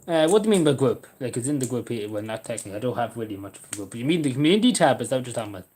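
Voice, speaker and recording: A man's voice: mid-range voice, sing-song, very fast, darkish tone. Rambling Irish border-accent man. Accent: Irish border, Cavan. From Ireland. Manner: rambling, swears, wry. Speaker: livestream host. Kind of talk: casual livestream chat reading the chat.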